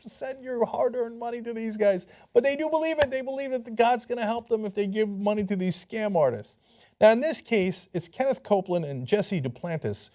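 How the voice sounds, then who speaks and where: A man's voice: high voice, a little mellow. A man giving sarcastic commentary, mocking what he shows and parodying it in silly voices.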